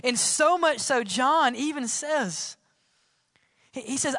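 A man preaching a sermon as pastor in a church, swinging between loud calls and hushed, whispered lines. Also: very high voice, lively intonation, slow, pauses often, dry recording, studio quality, big-room sound.

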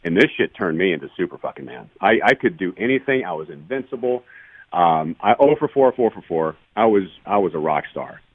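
A man in his forties speaks quickly in a very low voice, blunt and profane but earnest as he tells his story. The sound is dry and thin, squeezed through a narrow phone-like line. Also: expressive, slightly rough, dry recording. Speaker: guest, retired baseball player. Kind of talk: candid podcast storytelling.

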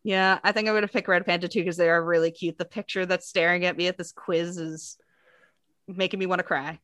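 An American woman co-hosting a podcast, her voice bright and forward. She chats easily and reads lists aloud with bouncy lifts, recorded close and dry with no room sound. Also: on the low side, fairly quick, dry recording. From United States. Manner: chatty, reads lists out with lively rises. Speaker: podcast co-host. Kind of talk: casual chat.

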